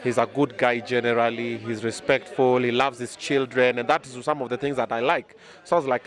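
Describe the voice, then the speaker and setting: A man's voice: mid-range voice, a faint crowd. A Kenyan man in his thirties being interviewed outdoors, chatting casually and boastfully, mixing in Swahili words. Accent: Kenyan English. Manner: animated, boastful, quick bursts. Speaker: media personality interviewed.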